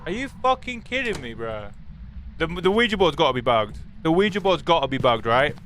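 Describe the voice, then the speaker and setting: A young man streaming a horror game, talking to his chat in an excitable, swearing manner. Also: fairly high pitch, brisk, slight background noise. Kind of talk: live gaming stream commentary.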